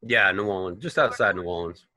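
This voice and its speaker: With a crowd audible behind him, a Boston-born actor guest spins animated, profanity-laced, meandering tales in a relaxed interview. He speaks low and a little fast.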